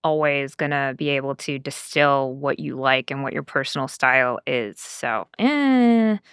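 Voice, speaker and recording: Low, smooth-voiced woman co-host. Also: measured pace, no room sound, clean studio sound. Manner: relaxed, uses "uh" fillers. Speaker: podcast co-host. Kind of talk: casual podcast chat.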